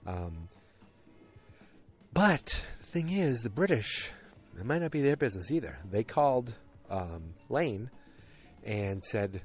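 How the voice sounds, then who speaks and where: A man's voice: mid-range voice, sing-song, slow, pauses often, breathy edge, soft background music. A man hosting a podcast, casually recapping an episode in a rambling, self-deprecating way with many fillers. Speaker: podcast host.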